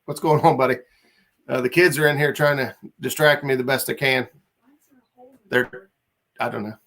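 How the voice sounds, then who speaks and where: A man's voice: mid-range voice, steady tone, moderate pace, a bit bright. A man hosting a casual livestream chat, laid-back and rambling as he reads out viewer comments. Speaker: livestream host.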